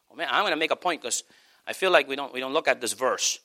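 Bright, animated preaching man. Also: medium pitch, fast talker. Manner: animated, emphatic preaching with sudden shouts and soft asides. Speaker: pastor. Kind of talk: sermon.

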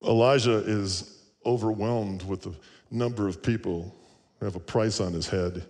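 A man's voice: lowish voice, fairly even intonation, moderate pace, a little mellow, long reverb tail. A male pastor preaching a sermon, earnest and storytelling, with rhetorical questions.

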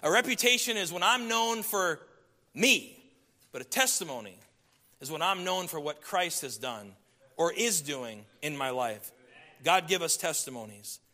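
A middle-aged man preaching a sermon, swinging from loud emphasis down to hushed, intimate tones. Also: on the high side, animated, unhurried.

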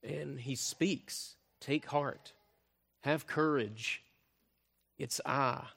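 Man, preacher, sermon, middle pitch, tag questions, loud-to-soft swings. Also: extremely slow, creaky. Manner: frequent tag questions "right?", swells louder then drops soft. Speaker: pastor.

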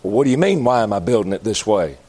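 A man voicing an offhand male pagan prophet who gives flat, dismissive replies. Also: lowish voice, quick pace, breathy edge, pitched below the performer's own voice.

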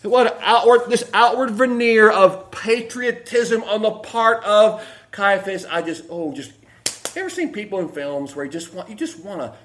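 A male pastor delivers a sermon in a high voice that leaps up and down as he goes. He is animated and plays out the quoted lines with dramatic swings in tone. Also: normal speed, a little hiss or hum. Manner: animated, acts out quotations with sudden swings in voice.

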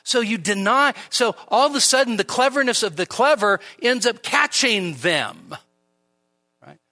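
A male pastor preaching in a bright, high voice that climbs and dips constantly. He explains his text in a chatty, animated way and keeps checking in with rhetorical questions. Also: a little slow. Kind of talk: sermon. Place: church midweek service.

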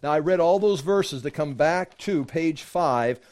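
A man preaching a sermon, teaching from scripture in a conversational, animated way, acting out quoted voices. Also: measured pace. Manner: animated, acts out quoted voices with rising pitch; conversational, with fillers and restarts. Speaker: pastor.

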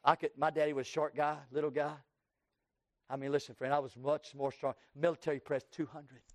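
A pastor from Texas with a Southern US accent, preaching an impassioned sermon that swings from loud cries to hushed tones. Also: male voice, on the high side, little pitch movement, fairly quick, dry recording, clean studio sound. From Texas, USA. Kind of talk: sermon with altar call.

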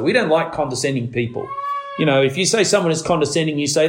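A man preaching a sermon, leaning on words slowly for emphasis and climbing to urgent, raised passages. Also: expressive, background noise. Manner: preaching with slow emphatic stresses, rising to urgent highs.

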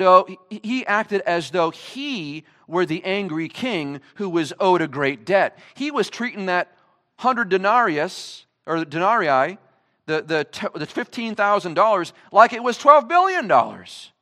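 High, lively-voiced male preacher. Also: takes it slowly. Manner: emphatic, asks the congregation many rhetorical questions. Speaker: pastor. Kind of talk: sermon. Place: church service.

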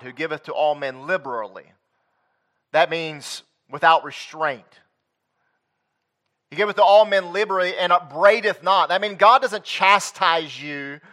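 Emphatic preacher, high bright man's voice. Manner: dynamic preaching, swinging from loud emphatic peaks to low quiet asides; reads scripture aloud in King James wording. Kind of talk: sermon.

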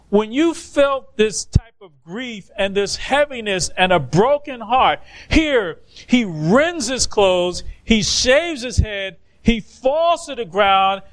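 High-voiced, slow-speaking male preacher. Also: fairly bright tone. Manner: emphatic, with drawn-out stresses. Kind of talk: sermon.

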